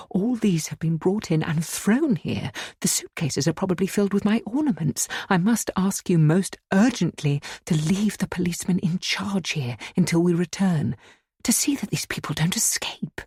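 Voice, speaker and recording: A woman voicing a frightened, indignant older woman who pleads urgently in low whispers and sudden cries. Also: moderate pace, few pauses, warm tone, husky, no room sound, studio quality.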